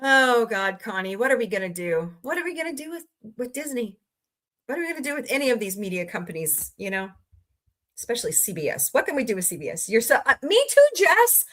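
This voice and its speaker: Bright, chatty woman livestream host. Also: fairly high pitch, sing-song, fairly quick. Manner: chatty, greets viewers by name, ranting. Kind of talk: casual chat with live chat readers.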